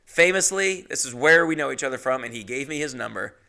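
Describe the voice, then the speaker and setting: A young adult man hosts his podcast and tells a comic story on his own, his voice bright and edged with gravel. He rants indignantly and jumps into squeaky mock voices to quote people, his pitch swinging widely all the time. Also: a little fast. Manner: animated, indignant, mimics voices in exaggerated high pitch. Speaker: podcast host. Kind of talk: solo comedic storytelling.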